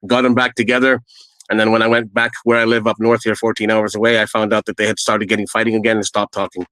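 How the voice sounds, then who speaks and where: A man's voice: fairly low pitch, monotone, quick pace, fairly bright tone, dry recording, rough recording. A middle-aged man telling his own stories in a casual, earnest, rambling way, with plenty of fillers. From Canada. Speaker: storyteller guest. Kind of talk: casual first-person storytelling.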